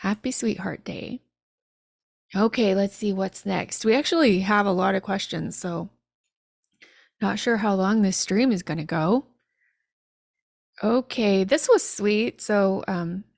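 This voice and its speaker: Woman teaching language phrases on a live stream, slow easy talk, chatty, dry close sound. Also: medium pitch, no room sound. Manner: chatty, laughs at literal meanings.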